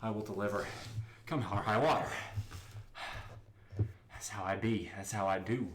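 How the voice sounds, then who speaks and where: A man of average pitch, worn out and panting after a heavy workout, talking casually with viewers. He sits far from the mic in an echoey home garage. Loud noise runs underneath him. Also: normal speed. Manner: panting, chatty, jokey. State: out of breath. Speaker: fitness vlogger. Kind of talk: casual livestream workout commentary.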